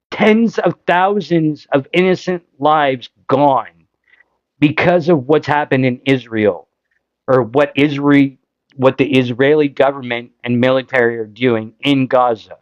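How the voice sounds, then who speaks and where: A man's voice: medium pitch, unhurried, no echo, lo-fi sound. A Canadian man hosting a podcast, giving casual political commentary in an impassioned, frustrated way, full of rhetorical questions. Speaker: podcast host.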